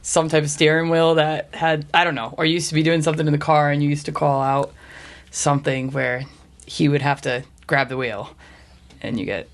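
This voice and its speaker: A woman co-hosting a podcast talks in a relaxed, gravelly register with plenty of vocal fry. Her sentences drift and trail off quietly, and the swearing comes out easy and casual. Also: sits low, brisk. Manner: laid-back, profane, trails off softly. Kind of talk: casual chat.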